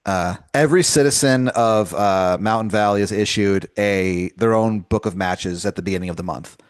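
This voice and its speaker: A man's voice: on the low side, normal speed, no echo, studio quality. A man hosting a podcast, improvising a second-person story with lots of fillers and chuckles as he goes. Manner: rambling, filler-heavy, chuckles through his own story. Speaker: host narrating an improvised story.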